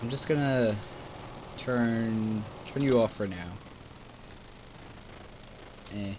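A man's voice: medium pitch, slow pace, a little mellow, a little hiss or hum. A man giving casual, rambling gameplay commentary as host of his own gaming channel, self-deprecating and chatty, over faint game sounds. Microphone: desk microphone. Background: farm game engine sounds.

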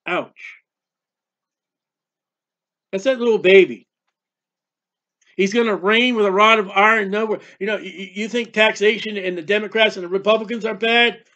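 Male preacher with a high voice, fervent, punchy rhetorical questions, dull lo-fi sound. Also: normal speed, pauses often, sharp tone. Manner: fervent, fires off rhetorical questions, declaims scripture. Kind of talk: sermon-style Bible teaching.

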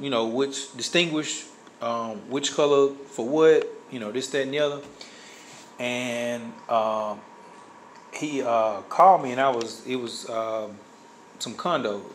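A man's voice: mid-range voice, a bit bright, slight background noise, low-quality recording. Man rambling through a story. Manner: rambling, many fillers and restarts. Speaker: guest sharing a testimony. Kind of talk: casual storytelling.

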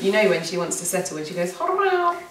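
A woman's voice: fairly low pitch, steady tone, rapid-fire, roomy sound, far from the mic, background noise. A woman co-hosting a casual chat at home, giggly and chatty. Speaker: co-host. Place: home room.

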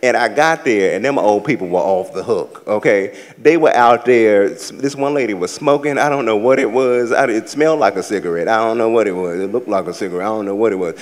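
A man from the American South doing a live stand-up set, with sassy, campy storytelling and loud acted-out asides. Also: lowish voice, fairly quick, hardly any pauses, long reverb tail. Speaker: stand-up comedian. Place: large theater stage with a live audience.

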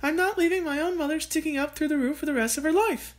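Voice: high-pitched, fast, voice pushed up, lightly acted. A reader voicing a firm, stubborn mother in a storybook reading. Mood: insistent. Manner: firm, insistent. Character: stubborn, loyal mother standing her ground. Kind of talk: storybook read-aloud.

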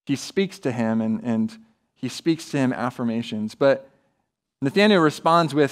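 A man's voice: on the high side, normal speed. A man preaching a sermon as a pastor, earnest and acting out quoted voices. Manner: earnest, builds to animated, acts out quoted voices.

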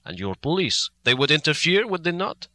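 A man's voice: a little high, sing-song, moderate pace, sharp tone, no echo. Man putting on a grave old foreign professor. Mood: persuasive. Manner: earnest, reasoning, broken formal phrasing.

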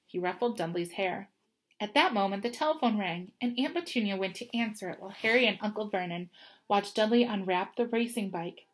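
A woman reading a storybook chapter aloud, with steady, expressive narration. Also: medium pitch. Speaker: reader.

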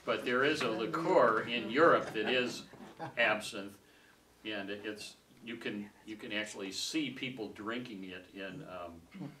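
A man leading a casual Bible study group, talking conversationally, laughing easily and trailing off softly. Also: on the low side, a little slow. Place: small room with a group. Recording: distant mic with faint room noise.

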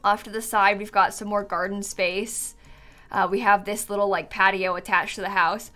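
Bright-voiced bubbly woman streamer. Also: mid-range voice, steady tone, normal speed, faint music behind. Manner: bubbly, chatty, many "like"s. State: sleepy, yawning. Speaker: streamer touring viewer builds. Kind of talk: casual live-stream chat.

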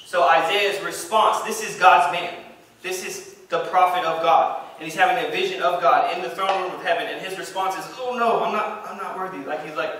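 Man preaching, fairly high bright voice, emphatic and repetitive, echoey church room, heard from a distance. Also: fairly even intonation, moderate pace. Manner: emphatic, repeats phrases, reads scripture aloud. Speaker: pastor. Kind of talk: sermon. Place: church sanctuary.

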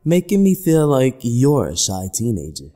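A man voicing a gruff, impatient police captain who talks bluntly and demandingly. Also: mid-range voice, wildly swooping pitch, normal speed, dark tone, faint music behind, pitched above the performer's own voice. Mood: pressing. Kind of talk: horror story narration voice acting.

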